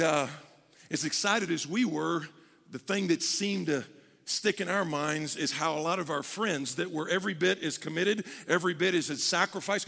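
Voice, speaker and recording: A middle-aged pastor preaches with lively, conversational energy, often slipping into the voices of people praying. His voice sits high and bright, with heavy gravel and fry. The sound carries the long reverb of a large hall. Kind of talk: sermon.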